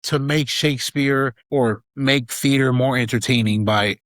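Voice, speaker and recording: A young man from Southern California, a guest actor and comedian telling a story on a podcast in a casual, profane, animated way. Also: mid-range voice, measured pace, dry recording. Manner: animated, profane, acts out quoted lines.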